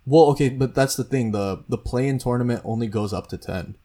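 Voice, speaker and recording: A man co-hosting a podcast, talking about basketball in a confident, opinionated way and quick to push back. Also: medium pitch, mellow. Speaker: podcast co-host. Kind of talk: casual sports chat.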